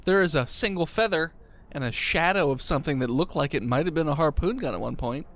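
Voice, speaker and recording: A man narrating a tabletop game as game master, animated and teasing the players. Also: fairly high pitch, brisk.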